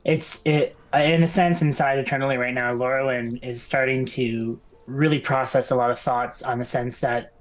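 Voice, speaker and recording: A man's voice: mid-range voice, fairly even intonation, moderate pace, hardly any pauses. A man playing a tabletop game, describing his character's thoughts in a rambling, hesitant way. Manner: rambling, hesitant, many restarts. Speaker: player.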